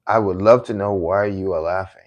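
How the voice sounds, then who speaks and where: Boastful podcast host throwing out challenges. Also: male voice, low voice, steady tone, normal speed, lo-fi sound. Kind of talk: combative live-stream talk.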